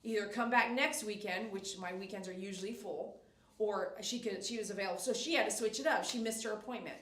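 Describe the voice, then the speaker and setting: A woman's voice: medium pitch, fairly quick, a bit bright, recorded from a distance. A middle-aged woman dog groomer chatting on a live stream in her salon, giving emphatic, repetitive advice and coaxing a dog. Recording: echoey room, voice off-mic.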